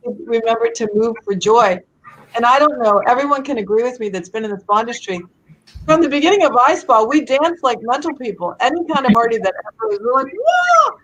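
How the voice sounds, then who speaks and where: A woman guest on a webinar, telling stories in a bubbly, animated way over a video call. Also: on the high side, a little fast, rough recording. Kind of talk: casual storytelling chat.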